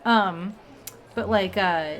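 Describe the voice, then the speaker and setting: A woman's voice: medium pitch, drawn-out words, soft background music. Rambling woman streamer, full of fillers. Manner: rambling, many fillers and restarts. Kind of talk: casual chat on a livestream.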